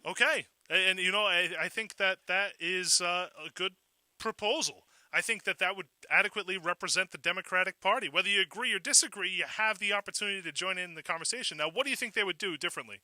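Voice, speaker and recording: Bright high-voiced talk radio host. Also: male voice, fast, dry recording, low-quality recording. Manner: energetic, conversational, poses questions to listeners.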